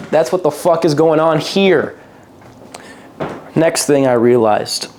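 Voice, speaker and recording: A man's voice: animated, slow pace, long pauses, background noise. Young man, crude rambling vlog talk. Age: young adult. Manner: crude, joking, rambling, mimics others in a high voice. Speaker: vlogger. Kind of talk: casual monologue to camera. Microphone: single mic, a cappella opener.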